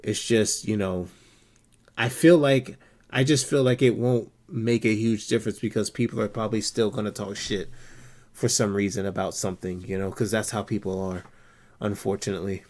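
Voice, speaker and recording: A man's voice: lowish voice, fairly even intonation, moderate pace, a little mellow. A male streamer talking casually and bluntly to his chat, swearing often and getting worked up.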